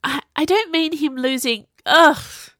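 A woman's voice: on the low side, sing-song, normal speed, a bit bright, no echo, studio quality. Woman voicing a haughty, snappish young mage. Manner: cross, snappish.

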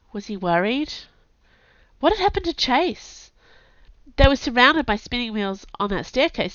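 A woman reading a novel aloud as narrator in an even storytelling manner. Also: medium pitch, no echo. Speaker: audiobook narrator. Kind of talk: scripted narration. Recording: dull dry recording.

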